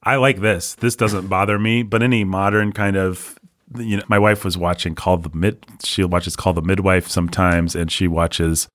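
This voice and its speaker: A man co-hosting a casual film podcast, talking animatedly, laughing often and mocking things with quick put-on voices. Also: sits low, steady tone, a bit bright, no echo. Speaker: podcast co-host.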